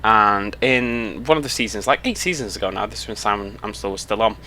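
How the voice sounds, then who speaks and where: On a road trip, a young British YouTuber chats casually to camera through a headset mic, rambling and cutting himself off as he goes. His lowish voice is pushed and bright with lively intonation and a slightly fast pace, over a little hiss or hum.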